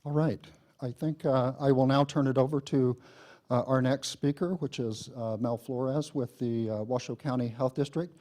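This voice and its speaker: A man with a mellow, soft-edged voice leads a health board meeting and hands off to the next speaker. He hesitates often, with many uh and um sounds, in a meeting room. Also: mid-range voice, steady tone, moderate pace. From Nevada. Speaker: meeting moderator. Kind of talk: presenting and moderating at a board meeting.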